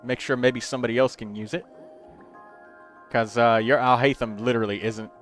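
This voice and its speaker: This livestream host reviews the characters viewers send in, chatting casually and thinking aloud as he counts up numbers, with faint music behind him. His medium-pitched voice is fairly bright, fairly quick and fairly even in intonation.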